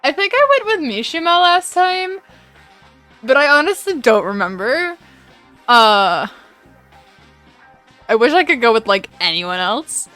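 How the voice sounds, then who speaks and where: A woman's voice: high voice, very animated, measured pace, pauses often, pushed and bright, faint music behind. A young woman streaming a game, reading its dialogue aloud and voicing the characters in a giggly, sweary way. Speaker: gaming streamer. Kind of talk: casual let's-play commentary, reading dialogue aloud.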